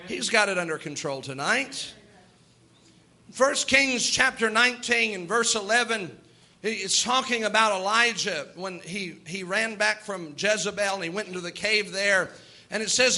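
High bright-voiced male preacher. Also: moderate pace. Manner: emphatic, repeats words, acts out quoted doubters. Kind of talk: sermon.

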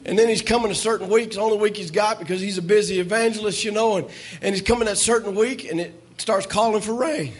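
A man preaching a sermon, telling a folksy story and rising to shouts. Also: high voice, quick pace, slightly rough. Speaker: pastor.

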